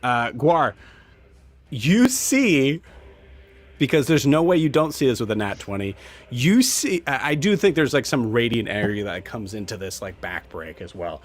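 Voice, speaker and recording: Man running a tabletop game, halting. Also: mid-range voice, animated. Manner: halting, full of fillers and laughs. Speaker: game master.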